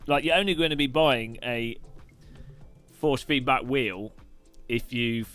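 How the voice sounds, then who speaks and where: A man's voice: mid-range voice, slow, a bit bright, soft background music. A man from the UK hosting a live stream, answering questions while racing, with joking, irreverent chatter.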